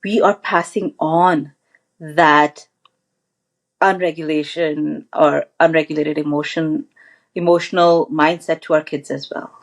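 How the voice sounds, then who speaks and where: Earnest, lower-voiced woman mindfulness coach. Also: steady tone, a little slow. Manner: earnest and reflective, many restarts and "like". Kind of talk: casual interview chat.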